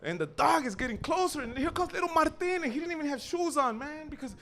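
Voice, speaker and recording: A young man telling a profane comic story at an open mic, acting out voices and shouting. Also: extremely high pitch, lively intonation, fast talker, slight background noise. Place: small cafe open mic stage.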